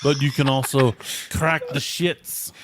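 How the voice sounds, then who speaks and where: A man's voice: medium pitch, fairly even intonation, slow. A man co-hosting a casual podcast chat, joking around while he explains slang. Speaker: podcast co-host.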